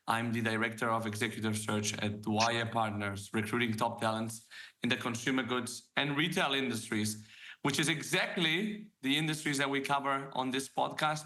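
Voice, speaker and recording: Catalan guy hosting a podcast, bright forceful voice, jokey and upbeat. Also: mid-range voice. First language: Spanish. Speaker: podcast host.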